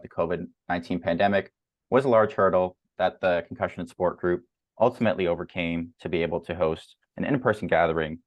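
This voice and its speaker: A man hosting an academic journal club, presenting slides in a measured way with frequent fillers and repeated words over a video call. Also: deep voice, no room sound, muffled recording.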